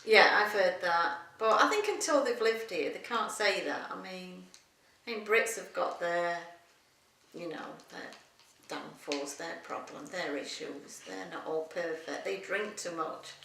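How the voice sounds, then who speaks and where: Middle-aged woman, interviewee, bright and gravelly, chatty, recorded in an echoey room with a distant mic. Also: lowish voice, unhurried, slight background noise. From England. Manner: chatty, rambling, laughs often. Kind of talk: casual interview chat.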